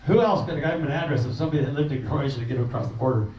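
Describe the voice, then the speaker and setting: A man's voice: a little high, racing, darkish tone. A man telling a meeting audience about a refugee relief trip, earnest and rambling, with fillers and restarts. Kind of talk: informal talk to a meeting audience. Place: meeting room. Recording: roomy, distant, dull sound with faint noise.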